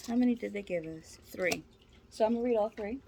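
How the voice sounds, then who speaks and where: Amid background noise, a woman with a medium-pitched, gravelly voice talks a little fast while giving a casual tarot reading. She chats with her viewers in a slangy, informal, encouraging way.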